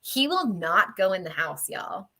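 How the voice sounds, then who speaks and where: A woman paranormal investigator telling a story in an animated, chatty way on a video call, laughing mid-sentence. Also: mid-range voice, unhurried. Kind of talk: casual storytelling.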